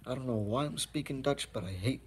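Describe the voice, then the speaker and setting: A man's voice: mid-range voice, brisk, a little mellow, slight background noise, low-quality recording. A young man chatting casually on a live stream at home, rambling with many fillers as he walks around. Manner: rambling, easygoing, full of fillers and asides.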